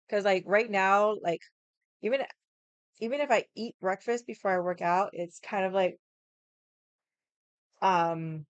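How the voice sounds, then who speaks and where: A young woman chatting to her stream viewers in a loose, unfiltered way, with plenty of filler words and casual swearing. Her voice is smooth and clear, at a middle pitch. It is close to the mic and dry, with no room sound. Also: no room sound. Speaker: livestream host. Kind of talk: casual chat.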